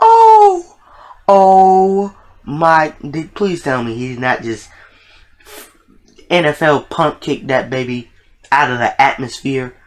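A man's voice: mid-range voice, measured pace, long pauses, fairly bright tone. A man hosting a reaction video, talking casually, exclaiming in disbelief and swearing freely.

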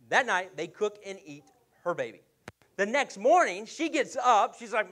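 A male pastor preaches with a fairly high voice and a lively storytelling manner. He jokes with his congregation and acts out the characters as he goes. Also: brisk. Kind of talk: sermon.

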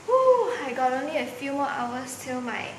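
A woman's voice: high-pitched, big pitch swings, moderate pace, slight background noise. A young woman with a Malaysian English accent, chatting expressively in a casual vlog and telling stories with lots of "like" fillers. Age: young adult. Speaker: vlogger.

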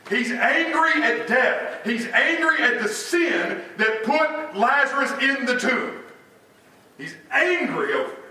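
High-voiced preaching pastor in an echoey church. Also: male voice, lively intonation, slow pace. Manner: preaching with rhetorical questions, sudden drops to a hush. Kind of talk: sermon. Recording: echoey hall, voice from a distance, faint noise.

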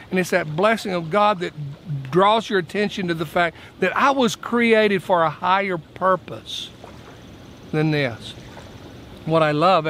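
A pastor delivering a midweek sermon with a notably high voice. He preaches earnestly and lifts his voice to stress his points, while a faint hiss of noise sits beneath the recording. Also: a bit bright. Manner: earnest preaching, voice rising for emphasis.

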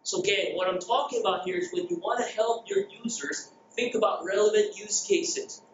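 A middle-aged man from the Philippines giving a jokey, energetic conference talk and asking the crowd questions. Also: high voice, normal speed, a little hiss or hum. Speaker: conference speaker. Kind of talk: keynote presentation. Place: conference hall. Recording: echoey dull hall recording.

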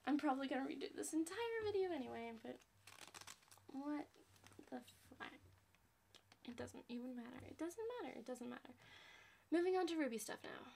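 A woman hosting a casual question-and-answer vlog, rambling, self-deprecating and quick to apologize. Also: high voice, expressive, creaky, darkish tone, slight background noise. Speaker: channel host answering fan questions.

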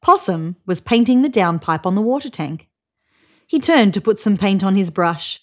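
Woman reading a picture book aloud, mid pitch, very animated intonation. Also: moderate pace. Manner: expressive, lively reading. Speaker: children's book reader. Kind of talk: read-aloud storybook narration.

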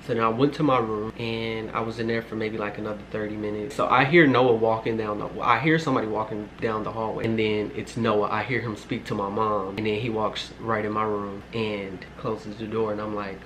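A man's voice: on the low side, little pitch movement, fairly quick, few pauses, fairly bright tone, slight background noise, poor audio. A man in his twenties casually telling a personal story to his viewers, rambling, with lots of filler words and swearing. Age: 20s. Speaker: storytime vlogger.

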